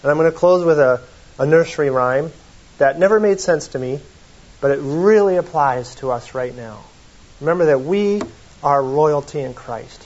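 A man's voice: on the high side, darkish tone, dull audio. Man preaching in a folksy, conversational tone. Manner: conversational, folksy, reads quotations aloud. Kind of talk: sermon.

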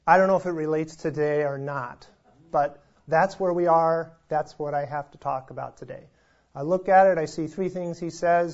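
Guy preaching, chatty storyteller, kinda high voice, muffled recording. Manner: relaxed storytelling, conversational. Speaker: pastor. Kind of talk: sermon opening with a joke. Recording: muffled lo-fi sound.

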